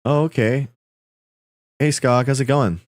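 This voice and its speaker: A man's voice: medium pitch, fairly even intonation, unhurried, dry recording, studio quality. A man in his thirties, a livestream host, chatting casually and telling rambling personal stories to his viewers. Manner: rambling storytelling, addressing viewers as guys.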